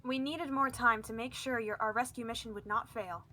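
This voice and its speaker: Woman reading as a calm young male rescuer. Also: normal speed. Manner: low, even, composed reading. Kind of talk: visual novel voice acting.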